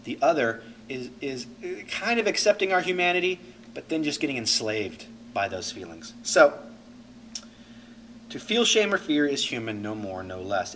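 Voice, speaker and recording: Lively, bright-voiced male coach. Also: medium pitch, far from the mic, a little hiss or hum, low-quality recording. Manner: animated, acts out inner voices to illustrate. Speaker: holistic coach teaching a class. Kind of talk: reflective teaching talk.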